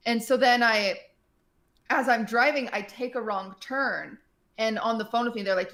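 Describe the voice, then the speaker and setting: A woman streamer in casual chat, telling a story in an animated way, full of fillers and acted-out quotes. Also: fairly high pitch, normal speed.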